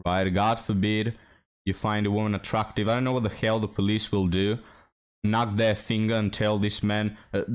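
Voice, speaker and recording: A young man hosting a reaction commentary, sarcastic and mocking, talking straight to his viewers. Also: fairly low pitch. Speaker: commentary host.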